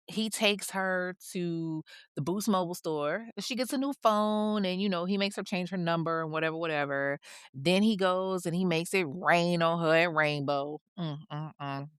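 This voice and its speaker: A woman's voice: lowish voice, a bit bright, clear, resonant tone, no echo, clean studio sound. A woman hosting a podcast, telling a true crime story in a casual, slangy way with chatty asides.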